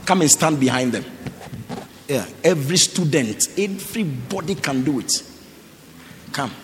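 A man's voice: a little high, animated, measured pace. Exhorting male preacher in an echoey hall. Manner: exhorting, repeats short commands, quizzes the congregation. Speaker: pastor. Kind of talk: sermon calling for offerings. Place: church. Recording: echoey hall with faint noise.

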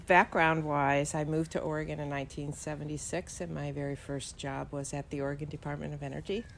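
An older woman answering interview questions at home, measured and thoughtful with frequent pauses. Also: sits low, gravelly, slight background noise, rough recording. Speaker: interview guest, energy executive. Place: living room of her home.

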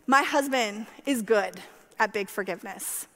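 A woman pastor preaching a sermon with passion, climbing to emphatic peaks and then falling soft. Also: medium pitch, measured pace. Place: church sanctuary. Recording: long church-hall reverb.

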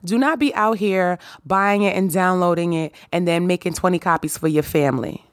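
A hoarse woman with a raspy, lowish voice hosts her podcast, preaching to her listeners with sass and warmth of conviction. She sits close to the mic in a dry, dead room. Her talk is a motivational monologue, direct and playful. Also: moderate pace, dry recording. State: hoarse from a sore throat. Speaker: podcast host.

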